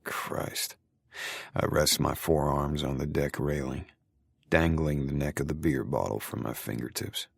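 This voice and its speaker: A man's voice: very deep voice, vocal fry, breathy edge, no room sound, studio quality. A man narrating a first-person romance audiobook in a brooding, intimate way.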